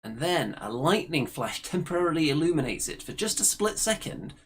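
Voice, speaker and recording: Game master, male, dramatic narrator, animated pitch, light background noise. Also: a little fast. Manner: dramatic, storytelling.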